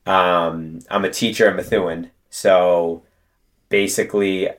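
Low-voiced chatty young man. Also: fairly even intonation, slow. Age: 20s. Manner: chatty, storytelling with many fillers. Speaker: guest, detailing business co-owner. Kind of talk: casual interview talk.

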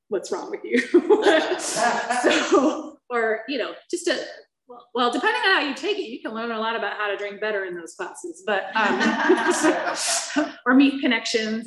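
A middle-aged woman sharing her recovery story with an audience. She tells it candidly and with self-mocking humor, and she falters with fillers and restarts at the painful parts. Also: medium pitch. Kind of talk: personal testimony to a listening audience. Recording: echoey room.

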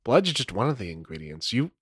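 Casting note: a cagey young vampire fledgling, low and hushed, in a dry room, as a man plays him. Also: sing-song, brisk, slightly rough, dry recording. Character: young male vampire fledgling, nervous, testing.

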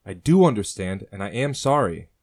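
A man voicing a young male colonial assassin, speaking calmly and with menace. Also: on the low side, normal speed, breathy edge, no echo. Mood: tense. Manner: calm and menacing in threats.

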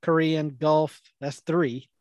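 A man with a slightly high voice adds short replies in casual podcast chat. The recording is close and dry. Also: flat delivery, takes it slowly, dry recording. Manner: brief, chiming-in replies. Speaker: podcast co-host.

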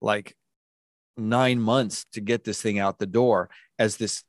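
A man's voice: on the low side, steady tone, slow pace, dry recording, clean studio sound. A middle-aged man being interviewed about his work in music and sound design, telling stories casually and rambling, with many restarts and fillers.

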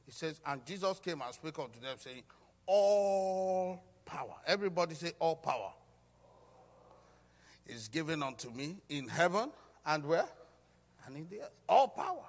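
A pastor preaching a sermon with emphatic call-and-response, urging the congregation to repeat after him. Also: male voice, a little high, expressive, normal speed, long pauses. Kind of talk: sermon teaching. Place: church hall. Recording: hall reverb.

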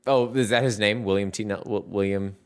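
A man's voice: lowish voice, fairly even intonation, a little fast, clear, resonant tone. A man co-hosting a gaming podcast, chatting in a laid-back way with dry jokey asides. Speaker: podcast co-host. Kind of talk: casual chat about video games.

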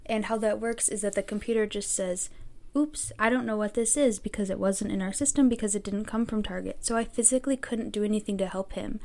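A woman's voice: medium pitch, steady tone, fast, creaky, few pauses, dark tone. Young woman, mid-range voice, podcast guest, casual chatty storytelling.

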